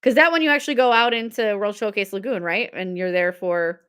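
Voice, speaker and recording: In a casual live-stream sale, a woman in her forties chats loosely, trades stories, laughs often and answers incoming viewer comments. She speaks fairly quickly at medium pitch, and her tone is clean and a little bright.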